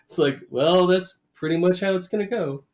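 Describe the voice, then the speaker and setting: A man's voice: high-pitched, normal speed, a little mellow. Man co-hosting a podcast, casual and enthusiastic as he recaps scenes. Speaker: podcast co-host. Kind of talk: casual chat.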